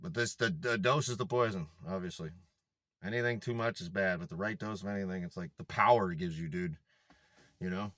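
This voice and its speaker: A man's voice: low-pitched, a little fast, a bit bright, dry recording. A young man in a casual monologue to camera, talking in a rambling, emphatic way full of swearing and filler words. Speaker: fitness vlogger.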